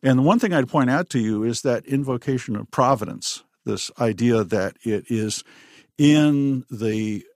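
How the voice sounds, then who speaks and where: A man co-hosting a history talk show, explaining in a measured, thoughtful way. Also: medium pitch, darkish tone, dry recording, clean studio sound. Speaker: history podcast co-host. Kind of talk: conversational history discussion.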